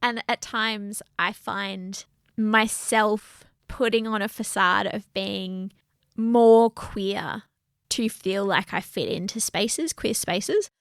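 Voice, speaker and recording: A woman co-hosting a relaxed podcast, speaking earnestly and with plenty of animation. Her voice carries a gravelly, fry-laden edge. The recording is dry and close, with no room sound. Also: mid-range voice, slow pace, no room sound. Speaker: podcast co-host. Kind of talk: casual podcast chat.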